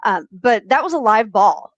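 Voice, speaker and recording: A woman with a fairly high voice chats on a live stream. She talks emphatically and sounds incredulous. The sound is dry. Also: big pitch swings, moderate pace, no echo, highs cut off. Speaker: co-host. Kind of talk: casual live reaction chat.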